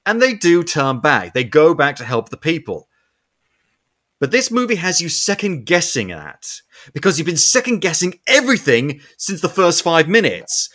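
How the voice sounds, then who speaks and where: Animated young man recapping a movie. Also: a little high, normal speed. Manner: animated, swears, acts out characters' lines. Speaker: podcast co-host. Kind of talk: casual movie recap chat.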